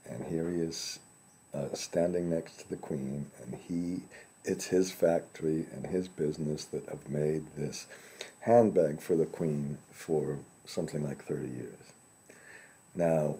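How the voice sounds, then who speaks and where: A man giving an informal finance lecture, halting and often repeating words as he restarts his sentences. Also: rumbling low, dark tone, husky.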